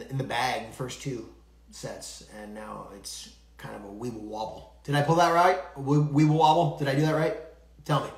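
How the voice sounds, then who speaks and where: A man's voice: medium pitch, gravelly. Chatty laughing man in an echoey room. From United States. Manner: chatty, rambling, laughs often. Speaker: podcast host. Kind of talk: casual live stream chat. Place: far-off room in a hotel.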